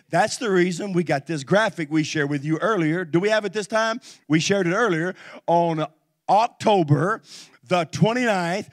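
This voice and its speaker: A middle-aged man preaching as a pastor, his voice sitting high for a man. He moves from storytelling to loud, rousing exhortation with call-and-response. The sound is close and dry. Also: normal speed, no echo. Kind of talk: sermon.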